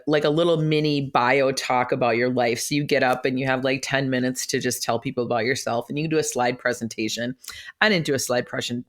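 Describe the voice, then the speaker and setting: A middle-aged woman hosting a podcast, telling a personal story in a chatty, emotional way, laughing often and acting out her own quoted words, recorded in an office. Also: rumbling low. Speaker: podcast host.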